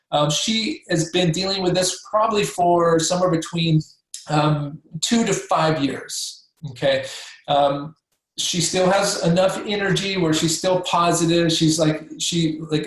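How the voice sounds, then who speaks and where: Male workshop trainer, informal and animated, slightly high voice, very echoey room. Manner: acts out patient and doctor voices, many fillers and restarts.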